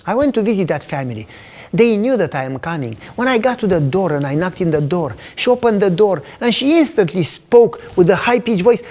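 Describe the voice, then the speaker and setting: A man's voice: sits high, animated, a little fast, darkish tone. A male pastor preaching a sermon, telling a personal story earnestly and dropping to a whisper to stress points.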